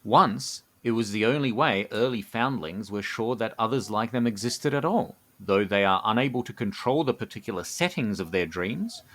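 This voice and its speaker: A man co-hosting a podcast, reading his written fantasy lore aloud, who is enthusiastic and given to excited outbursts. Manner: enthusiastic, bursts into excited high exclamations. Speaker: podcast co-host.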